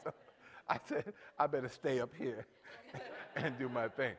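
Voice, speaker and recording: A man in his late sixties preaching a sermon, telling family stories and directing the band and congregation, his voice rising loud for emphasis. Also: medium pitch, a little slow. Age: 60s. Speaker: pastor.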